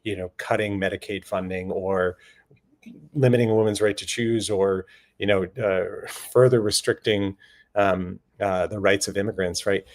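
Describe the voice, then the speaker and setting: A man speaking as a panel guest in a casual discussion, earnest and animated, slipping quick quoted asides into his stories. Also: deep voice. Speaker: panel guest on voting and redistricting.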